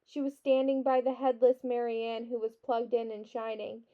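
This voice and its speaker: A woman teacher reading a children's novel aloud with expressive storybook delivery, on a dull lo-fi recording. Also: fairly high pitch, normal speed.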